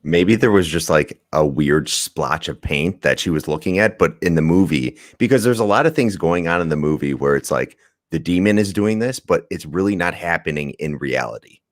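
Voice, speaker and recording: A man's voice: low-pitched, expressive, moderate pace, dry recording, clean studio sound. A man co-hosting a podcast, chatting casually and rambling through a movie review, laughing and swearing as he goes. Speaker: podcast co-host.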